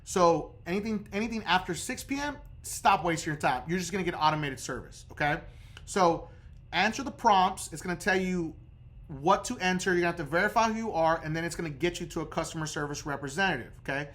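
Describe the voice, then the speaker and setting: A man's voice: high-pitched, animated, quick pace, a bit bright. A man coaching viewers on credit repair in a casual instructional video, talking emphatically and checking in with the viewer over and over.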